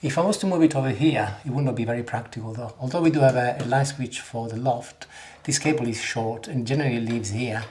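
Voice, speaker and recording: A man's voice: medium pitch, fast talker, darkish tone, a little hiss or hum. Middle-aged man, chatty, rambling, many fillers, DIY at home, echoey room. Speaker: homeowner doing DIY. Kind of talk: casual vlog narration. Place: inside a house, bathroom and loft.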